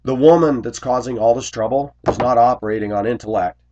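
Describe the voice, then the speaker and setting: A man who drives a school bus, telling a workplace grievance story in an indignant, complaining way, clearing his throat often. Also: mid-range voice, a little fast, few pauses, darkish tone, lo-fi sound. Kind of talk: ranting personal storytelling vlog.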